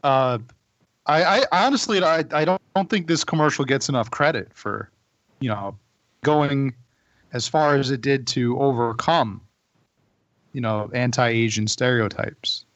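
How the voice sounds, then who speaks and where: Halting man, dull dry recording. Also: mid-range voice, a bit bright, no echo. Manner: halting, stumbles over words. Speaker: co-host. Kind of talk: casual chat.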